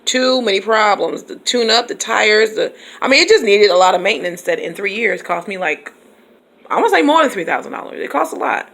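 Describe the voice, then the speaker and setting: A woman's voice: medium pitch, animated, brisk, gravelly, a bit bright. A woman teacher chatting casually in her own vlog, laughing often and talking to her viewers by name. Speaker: teacher and YouTube vlogger. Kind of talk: casual vlog chat to subscribers.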